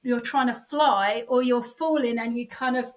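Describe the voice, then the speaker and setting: A woman psychic medium telling a spooky personal story in a casual podcast chat, animated and full of fillers, acting out the voices she quotes. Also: a little high, moderate pace, recorded from a distance, low-quality recording.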